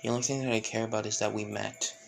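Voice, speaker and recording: A man's voice: lowish voice, level tone, fast, gravelly, soft background music. Rambling man retelling a fan story. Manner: rambling, filler-heavy, self-correcting.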